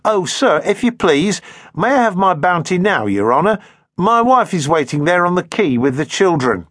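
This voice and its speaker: A man voicing a timid, pleading landsman tradesman in an audiobook, high and eager. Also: sing-song, moderate pace, fairly bright tone, dry recording, studio quality, heavily acted.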